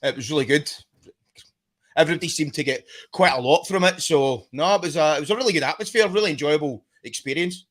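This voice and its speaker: A man's voice: a little high, fast talker, a bit bright. A man, a guest DJ chatting casually, rambling and repeating his words. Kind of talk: casual chat.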